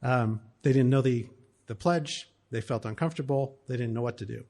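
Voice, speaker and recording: A middle-aged American man speaks to an audience about his family, telling stories in an easy, conversational way. He fills his sentences with ums and small restarts as he goes. His voice sits at an ordinary middle pitch for a man. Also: moderate pace, warm tone. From United States. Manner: conversational, storytelling with fillers. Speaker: speaker on cross-cultural family life. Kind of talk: talk to an audience.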